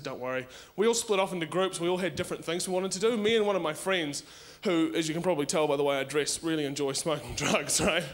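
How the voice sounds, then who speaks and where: High-voiced young New comedian. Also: male voice. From New Zealand. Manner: animated, laughing storytelling. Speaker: stand-up comedian. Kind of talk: stand-up comedy set. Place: live comedy stage.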